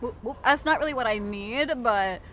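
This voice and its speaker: A woman's voice: on the high side, moderate pace, a bit bright, a little hiss or hum. A young woman streaming a video game, chatting casually to her viewers, giggly and self-mocking, swearing freely. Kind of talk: casual gaming stream chat.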